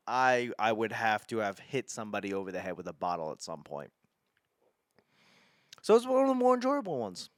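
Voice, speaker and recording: A man in his thirties with a smooth, resonant voice tells a story in loose comic style. He swears freely and breaks off mid-sentence to restart it. The sound is close and dry, with no room around it. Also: medium pitch, very animated, a little fast, a bit bright, no echo. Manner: rambling, profane, self-interrupting. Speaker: stand-up comedian hosting his podcast. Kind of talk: casual comedic storytelling.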